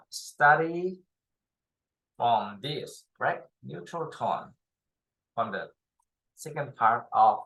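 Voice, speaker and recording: A man with Thai as his first language teaching Chinese tones, speaking slowly with many repetitions, fillers and pauses. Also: medium pitch, a bit bright, low-quality recording. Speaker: Chinese tutor. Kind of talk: slow spoken language lesson.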